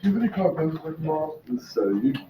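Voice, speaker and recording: A young man, a student in class, making casual remarks and asking quick questions. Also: a little high, sing-song, dark tone. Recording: roomy, from far off, noisy.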